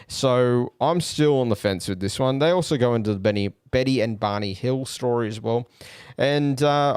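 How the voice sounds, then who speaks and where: An Australian man hosting a podcast, musing aloud in casual commentary with many pauses and fillers. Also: fairly low pitch, a little mellow, smooth, no echo, clean studio sound. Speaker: podcast host.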